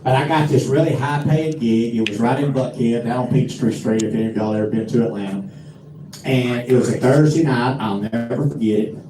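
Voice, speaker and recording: A man's voice: medium pitch, a little fast, noisy background. A middle-aged man with a Southern US accent, performing live stand-up as a folksy, drawling storyteller. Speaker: stand-up comedian. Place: live comedy venue. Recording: roomy live room from a distance, faint ambience.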